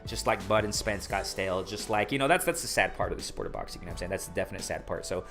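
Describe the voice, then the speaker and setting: A man's voice: low voice, expressive, fast, fairly bright tone, faint music behind. Rambling man hosting a boxing live stream. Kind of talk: casual live-stream chat, reading viewer comments.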